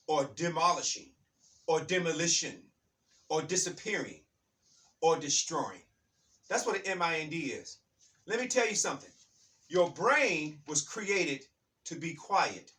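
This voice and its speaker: A man with a bright, slightly high voice speaks an emphatic, repetitive spiritual monologue. He keeps circling back to his points and calls his listeners "baby". His voice sits a little back from the microphone. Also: distant mic. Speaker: channel host.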